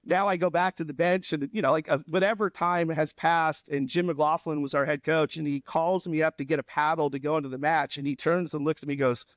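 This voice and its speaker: A man in his fifties, a former volleyball player, telling animated stories on a podcast with laughs and acted-out quotes. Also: fairly high pitch, brisk, few pauses, dry recording. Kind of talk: casual storytelling chat.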